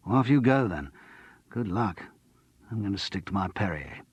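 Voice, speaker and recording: A man's voice: on the low side, animated, normal speed, slightly rough, dry recording. A man voicing a dry, self-mocking middle-aged actor who has sworn off drink. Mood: firm. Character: wry middle-aged male actor on the wagon.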